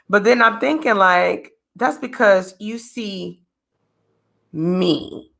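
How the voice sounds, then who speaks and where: A woman hosting a podcast in casual chat, animated and joking, acting out the voices she quotes. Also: medium pitch, a little slow, gravelly. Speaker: podcast host.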